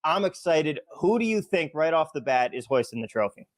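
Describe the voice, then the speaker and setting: A man's voice: a little high, very animated, brisk, no echo, clean studio sound. Upbeat American man hosting a podcast. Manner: upbeat, stumbling restarts. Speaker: podcast host. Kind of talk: casual betting podcast chat.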